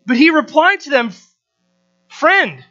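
High, bright-voiced American man preaching. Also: very animated, moderate pace. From United States. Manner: emphatic, asks the audience rhetorical questions. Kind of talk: sermon. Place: room with a live audience. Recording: dull lo-fi recording with mains hum.

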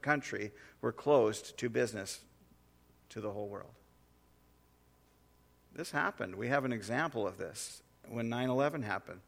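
A man as pastor, preaching a sermon and reading scripture aloud in a measured way that swells into forceful warnings. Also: medium pitch, gravelly.

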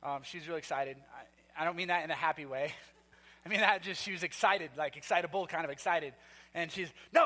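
A man's voice: sits high, vocal fry, sharp tone, in a large hall. A man preaching a sermon, telling a story in a loose, conversational way with restarts and fillers. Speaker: pastor.

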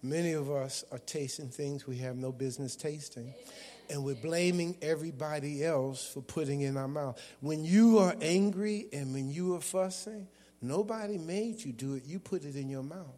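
A man preaching a sermon as a guest preacher, calling out to the congregation and shouting at times. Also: fairly high pitch, moderate pace. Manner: call-and-response preaching with bursts of shouting. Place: church sanctuary. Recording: long hall reverb.

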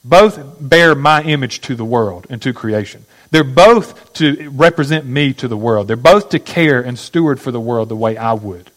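A man's voice: medium pitch, moderate pace, few pauses, poor audio. A man preaching a sermon, teaching step by step and asking his listeners questions. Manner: teaching, asks the audience questions. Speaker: pastor.

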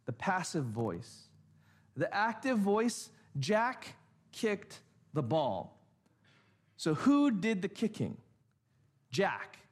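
High-voiced man teaching a sermon. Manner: explains step by step with examples and frequent "all right?" checks; restarts and fillers when searching for words. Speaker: pastor.

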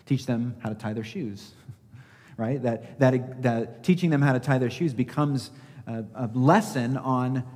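A man's voice: medium pitch, measured pace, a little mellow. A male pastor delivers a sermon with emphasis, pressing rhetorical questions on his congregation and acting out the lines of scripture. His mid-range voice carries a long reverb from a large sanctuary.

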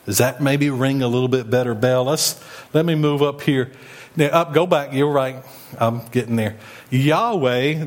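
A man preaching a sermon in a conversational way, retelling the story and acting out the speakers he quotes. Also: medium pitch. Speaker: pastor.

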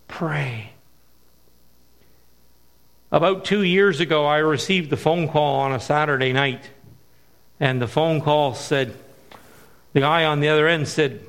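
Male missionary preacher, middle-aged, high voice, bright tone, emphatic storytelling. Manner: emphatic, repeats key words slowly. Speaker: missionary speaker. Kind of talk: sermon with storytelling.

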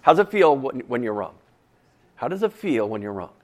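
A man's voice: mid-range voice, sing-song, normal speed, a little mellow. A man preaching a sermon in a conversational way, asking the congregation questions and repeating key phrases for emphasis. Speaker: pastor.

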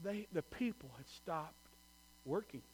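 Man, pastor preaching, high voice, storytelling, acts out quotes. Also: animated, unhurried, slightly rough. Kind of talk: sermon.

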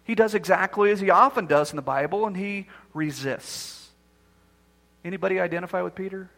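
Male pastor, bright and tense voice, sermon delivery with acted-out quotes. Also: sits high, fairly quick, vocal fry, big-room sound. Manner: acts out the quoted voices as he preaches.

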